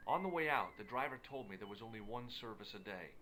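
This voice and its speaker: A man's voice: lowish voice, expressive, fast talker, pushed and bright, a little hiss or hum. An actor playing a wisecracking adventurer who narrates his own story in a dry, matter-of-fact way in a video game.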